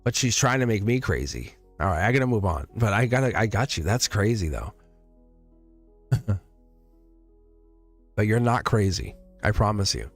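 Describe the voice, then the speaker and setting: A man's voice: fairly low pitch, big pitch swings, normal speed, pauses often, faint music behind. A man giving a casual live-stream tarot reading. He talks in a chatty, emphatic, reassuring way and laughs often between phrases.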